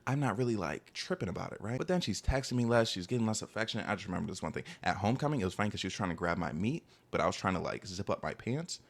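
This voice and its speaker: A young man in his twenties telling a casual, rambling story about his dating past, animated and full of asides. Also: fairly low pitch, rapid-fire, hardly any pauses. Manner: animated, rambling, heavy use of "like". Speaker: storytime vlogger.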